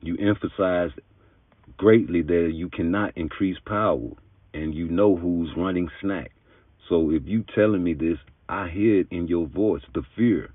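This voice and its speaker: Deep, low man, emphatic boxing commentator, thin phone-line audio. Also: a little slow, no room sound. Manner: emphatic, argumentative, street-talking. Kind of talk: opinionated commentary monologue. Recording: tinny phone-like dry sound.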